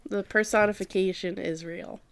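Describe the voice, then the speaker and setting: A woman's voice: mid-range voice, steady tone, clean tone. A woman co-hosting a casual podcast, recapping an episode and swearing freely. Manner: swears freely, acts out characters in quick quoted voices. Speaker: podcast co-host recapping an anime. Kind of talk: casual chat.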